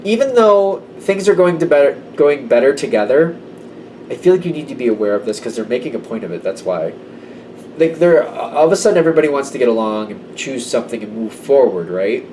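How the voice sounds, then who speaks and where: A man's voice: mid-range voice, very animated, fairly quick, darkish tone, far from the mic, slight background noise, poor audio. A man giving a casual tarot reading to camera, conversational and emphatic. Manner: conversational, emphatic, slips into quoted voices. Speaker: tarot reader.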